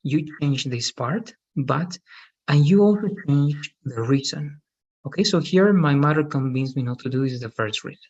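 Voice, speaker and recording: A man leads an online English lesson, walking his students patiently through each step. His voice is husky, and the video call audio sounds dull and muffled. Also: a little high, animated, moderate pace, darkish tone. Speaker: English teacher. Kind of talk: online class instruction.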